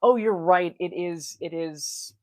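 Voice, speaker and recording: A woman's voice: fairly low pitch, takes it slowly, dry recording, studio quality. A woman hosting a casual livestream, chatting with viewers, laughing often and calling them darlings. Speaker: livestream host.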